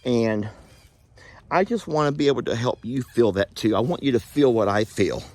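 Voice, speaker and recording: A man hosting an outdoor vlog, talking in a slow, heartfelt, folksy way. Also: mid-range voice, lively intonation, darkish tone. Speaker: channel host. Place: outdoors in wooded cemetery.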